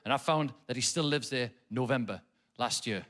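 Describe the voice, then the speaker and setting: A man in his thirties with a Geordie accent, performing a stand-up comedy set in a theatre, storytelling with swearing and shouted punchlines. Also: medium pitch, moderate pace. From North East England. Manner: swearing, storytelling, sing-song nursery rhyme bits, rising to shouted punchlines. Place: large theatre stage before a live audience. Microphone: stage microphone.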